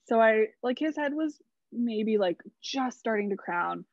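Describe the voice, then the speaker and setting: Unhurried and expressive, a young woman with a slightly high voice tells her birth story in a casual podcast chat. She's chatty, saying "like" often and swearing casually, and the recording is slightly dull and dry.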